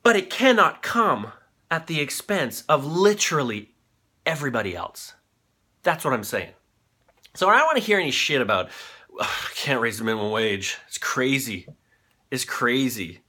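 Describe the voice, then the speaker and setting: A man's voice: mid-range voice, very animated, normal speed, pauses often, bright, forceful tone, slightly rough. A man in his thirties hosting a comedic news commentary show, ranting with profanity while on cold medication. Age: 30s. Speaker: host.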